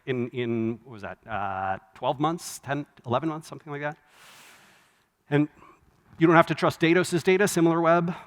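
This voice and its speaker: A man giving a live conference keynote, conversational and wry, with quick asides and self-corrections. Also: on the high side, a bit bright. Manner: wry, laughs at his own jokes. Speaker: conference speaker. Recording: long hall reverb from a live venue.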